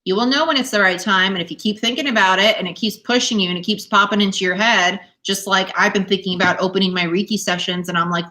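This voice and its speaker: A young adult woman reads tarot cards live for her viewers from home. She talks in an animated, encouraging way and laughs often between her points. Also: medium pitch, fast talker, few pauses. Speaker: tarot reader. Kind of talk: live-stream tarot reading. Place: home, dog nearby.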